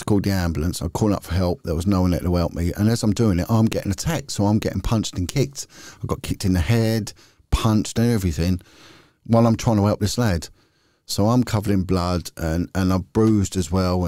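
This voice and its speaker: A podcast guest in middle age, once a police detective, spins candid, rambling anecdotes in casual conversation, restarting often. His voice sits low with a warm tone, recorded at studio quality without echo.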